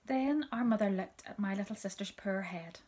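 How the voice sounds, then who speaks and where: A woman reading a children's story aloud, soft and gentle, often dropping to a whisper. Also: mid-range voice, moderate pace.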